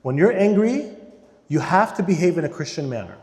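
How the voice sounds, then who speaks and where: A man giving an animated church lecture to married couples, swinging between loud emphasis and hushed asides. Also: on the high side, a little fast. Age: adult parent. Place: church hall. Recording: long reverb in a large hall.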